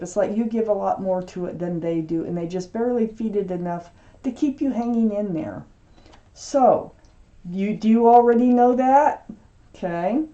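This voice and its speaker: A woman giving a casual tarot reading, speaking straight to the viewer in a gentle, reassuring way, often pausing with ums and restarting her sentences. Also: mid-range voice. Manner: halting, with frequent ums and restarts. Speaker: tarot reader.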